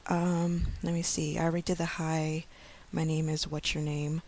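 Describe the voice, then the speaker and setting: An online English teacher in her thirties shares chatty tips in a casual vlog, using lots of fillers and slowing down to model speech for young learners. Her voice is low and darkish, with little pitch movement.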